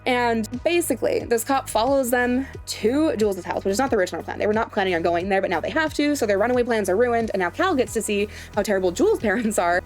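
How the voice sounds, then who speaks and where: A woman hosting a casual, chatty recap of a series, digressing and asking rhetorical questions. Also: a little high. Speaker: show host recapping a series.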